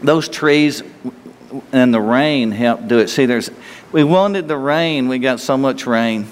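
A man preaching a conversational sermon, slightly hoarse with an itchy throat, asking his listeners questions in a folksy way. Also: mid-range voice, slow pace. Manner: folksy, asks the listeners questions, laughs easily. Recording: long hall reverb.

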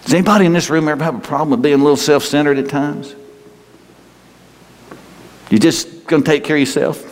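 A man's voice: on the high side, fairly even intonation. Guy preaching to his church, chatty with questions, big echoey hall. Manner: conversational preaching with pauses and rhetorical questions. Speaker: pastor. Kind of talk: sermon. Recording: long hall reverb.

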